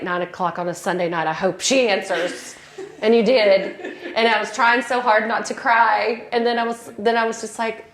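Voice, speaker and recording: A woman speaking as a guest in a candid, heartfelt personal testimonial, often pausing on fillers as she reflects. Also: fairly low pitch. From American South. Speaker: client and guest.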